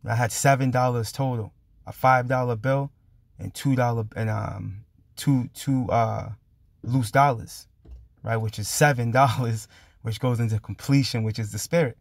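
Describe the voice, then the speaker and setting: A man's voice: mid-range voice, steady tone, normal speed, vocal fry, no echo. A man delivers a casual, fervent testimony in a mid-range voice, peppering it with street slang and constant "you know" and "I'm like" fillers. The recording is close and dry, with no room sound. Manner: fervent, spirited retelling. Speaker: preacher.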